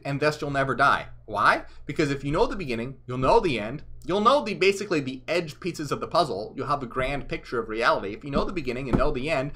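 Earnest man with a bright voice. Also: medium pitch, animated, fast. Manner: earnest, emphatic, trails off softly. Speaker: channel host. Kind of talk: spoken explainer lecture.

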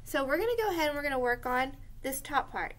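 High-voiced woman teaching young children. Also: animated, fairly bright tone. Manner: slow, clear and encouraging, spelling out words as she writes. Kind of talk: online class lesson for young children.

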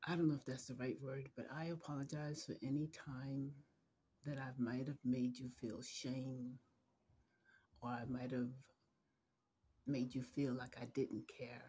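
A middle-aged woman giving a heartfelt video message to her adult son, holding back tears and speaking tenderly and haltingly, sometimes dropping to a whisper. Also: very deep voice, flat delivery, mellow, slight background noise.

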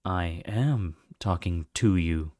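A man voicing a mysterious telepathic dragon who speaks slowly, in a teasing, amused way. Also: low-pitched, dark tone, no echo, clean studio sound, pitched below the performer's own voice. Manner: slow, teasing and musing.

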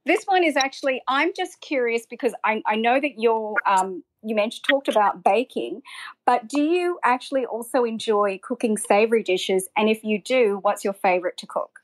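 A chatty woman with an Australian accent asks a guest questions in a casual audio chat. Her voice sits a little high, and she giggles and restarts her sentences often. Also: expressive, moderate pace. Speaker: audience member asking questions.

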